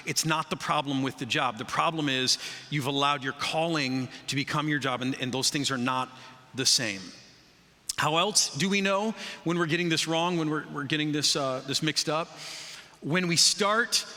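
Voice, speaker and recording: Male pastor, bright forceful voice, slightly high pitch, conversational sermon, long church-hall reverb. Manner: conversational, lively preaching with asides to the congregation. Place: church sanctuary.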